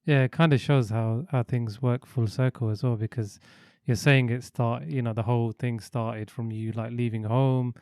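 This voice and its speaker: A man's voice: mid-range voice, fairly even intonation, normal speed, hardly any pauses, darkish tone, no room sound. A man hosting a casual interview podcast, asking rambling questions with many fillers. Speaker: podcast host.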